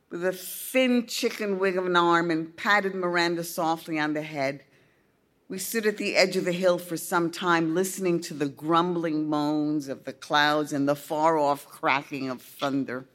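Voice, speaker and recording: A woman narrating a first-person story in a slow, deliberate storytelling manner. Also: low voice, fairly bright tone. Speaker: audiobook reader.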